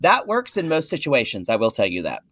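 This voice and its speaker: A man's voice: mid-range voice, huge pitch swings, sharp tone, no echo, studio quality. Catty man co-hosting a podcast. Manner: chatty and catty, quick asides. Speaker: podcast co-host. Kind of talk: casual podcast chat.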